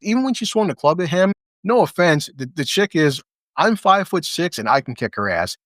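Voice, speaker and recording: A man's voice: fairly high pitch, sing-song, brisk, a bit bright. Blunt, foul-mouthed male episode reviewer. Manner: blunt, swears a lot, re-enacts scenes in quoted voices. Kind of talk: casual profane reaction commentary.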